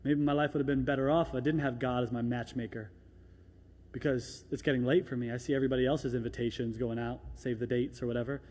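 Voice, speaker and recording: A man preaching a sermon as pastor, moving from quiet, reflective lines to loud, fervent exhortation, and acting out doubters in a small hushed voice. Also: mid-range voice, fairly even intonation, fast. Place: large church hall. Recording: echoey church hall.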